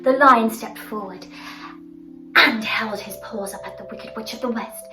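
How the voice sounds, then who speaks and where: A woman telling a children's story with dramatic, expressive narration. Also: a little high, measured pace. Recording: roomy, distant, music behind.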